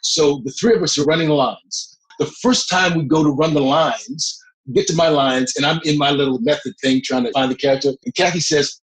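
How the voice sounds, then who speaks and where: A middle-aged man, a guest actor, telling a long behind-the-scenes story in a lively way, often breaking into laughs. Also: on the high side, moderate pace, shouting, rough recording. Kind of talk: anecdotal storytelling.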